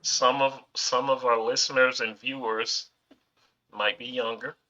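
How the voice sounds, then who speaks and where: A man's voice: mid-range voice, level tone, measured pace, bright, forceful tone, highs cut off. A man co-hosting a podcast as its producer, teasing and insistent in casual chat.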